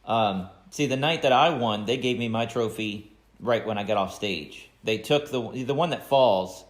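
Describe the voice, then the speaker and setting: A man hosting a podcast, telling his own stories in a relaxed, conversational way. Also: medium pitch, moderate pace, roomy sound. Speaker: podcast host. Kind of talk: casual interview chat.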